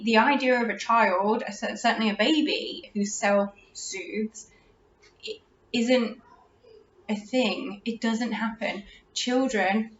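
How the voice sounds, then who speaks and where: A woman's voice: fairly high pitch, slight background noise. A middle-aged woman, hosting a parenting talk in a casual, chatty way, often restarting her sentences. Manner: chatty, restarts, warm laughs. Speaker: parenting podcast host. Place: room at home. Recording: roomy, distant, dull lo-fi audio.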